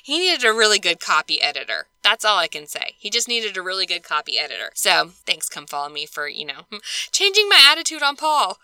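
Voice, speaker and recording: A woman hosting a podcast, chatting casually about scripture study, animated and laughing often as she acts out her own thoughts. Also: medium pitch, fairly quick, clean tone, dry recording, poor audio. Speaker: podcast host.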